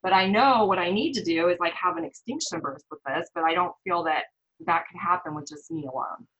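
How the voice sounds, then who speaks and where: Husky lower-voiced woman telling a story. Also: a little fast, highs cut off. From Midwest US. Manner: animated, quotes others in lively voices. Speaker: guest, parent. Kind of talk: casual interview storytelling.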